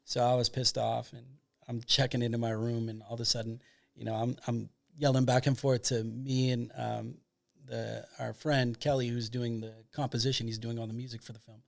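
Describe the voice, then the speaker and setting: A man's voice: mid-range voice, level tone, normal speed, gravelly, few pauses. A man from Michigan, a documentary filmmaker, tells a long anecdote as a podcast guest in a rambling way full of fillers. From Michigan, United States. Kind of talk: casual storytelling.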